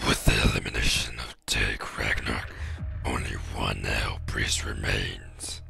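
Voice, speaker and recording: A man voicing a growling demon that reads out lore in a deep, gravelly whisper. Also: little pitch movement, bright, forceful tone, faint music behind, full character voice. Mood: ominous. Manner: slow, ominous recital of text.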